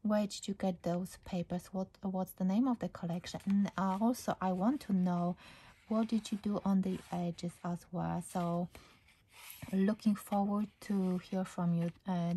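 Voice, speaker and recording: Breathy woman gushing over crafts. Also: on the low side, steady tone, unhurried, dark tone. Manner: gushing, repeats "I love". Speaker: craft channel host. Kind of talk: casual chat opening mail.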